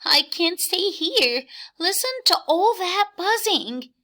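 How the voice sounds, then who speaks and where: A woman doing a small lost girl bug, high and plaintive. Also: lively intonation, takes it slowly, bright, forceful tone, heavily acted. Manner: earnest, plaintive questioning. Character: small lost female bug seeking a home.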